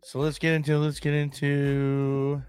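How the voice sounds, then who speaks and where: A man hosting a solo podcast in casual, excitable chat, swearing and using slang. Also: a little high, a little slow, smooth, no echo, faint music behind. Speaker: podcast host. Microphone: desk mic, screen-sharing.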